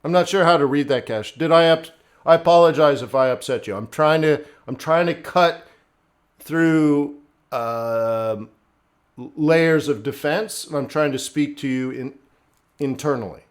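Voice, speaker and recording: Blunt, high-voiced man coaching traders. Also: measured pace. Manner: blunt, conversational, answers chat viewers by name. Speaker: forex trading livestream host. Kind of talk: live trading stream commentary.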